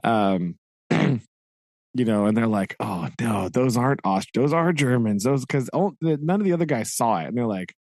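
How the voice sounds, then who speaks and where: A man's voice: mid-range voice, expressive, moderate pace, vocal fry, a little mellow, no room sound. Laid-back male co-host retelling a plot. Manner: retells the plot in loose, rambling chat. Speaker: podcast co-host. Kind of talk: casual book-club chat.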